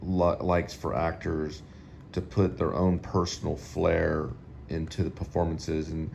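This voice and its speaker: Deep-voiced man rambling about films. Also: little pitch movement, measured pace, vocal fry, darkish tone, slight background noise. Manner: rambling, repeats himself. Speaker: host. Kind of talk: casual film commentary.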